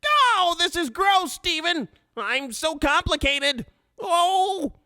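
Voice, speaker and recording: A man's voice: extremely high pitch, lively intonation, slow pace, bright, forceful tone, no room sound, voice pushed up, heavily acted. A man voicing a whiny, fearful teenage boy who wails and complains. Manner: whiny, wailing, self-pitying.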